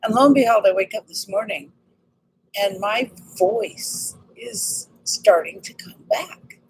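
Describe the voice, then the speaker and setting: A woman with a slightly raspy voice talks excitedly and earnestly in a casual personal vlog about healing. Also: mid-range voice, takes it slowly, slight background noise, poor audio. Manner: earnest, excited, spiritual self-help talk. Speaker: vlogger.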